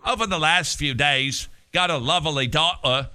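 A man doing a deliberately shaky British accent, reading out a formal statement as a stiff male spokesman. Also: fairly high pitch, heavy background noise, pitched above the performer's own voice, natural voice. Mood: stiffly formal. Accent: attempted British accent. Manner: formal, clipped, mock-official.

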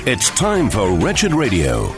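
Brief: male announcer, showy sing-song intro read, pitch swooping widely, loud music bed behind. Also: wildly swooping pitch, slow. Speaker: show announcer.

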